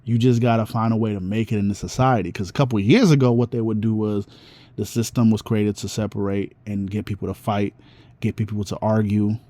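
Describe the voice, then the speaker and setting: A man talks in a loose, rambling monologue full of slang and restarts. His voice is mellow and warm. The recording is dry and close, with no room sound. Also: on the low side, steady tone, brisk, no room sound. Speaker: vlogger. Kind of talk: casual monologue.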